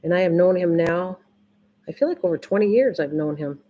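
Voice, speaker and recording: Older female livestream host, casual rambling chat with viewers, slightly low-pitched. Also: expressive, brisk, muffled recording. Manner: rambling, repeats herself, restarts often.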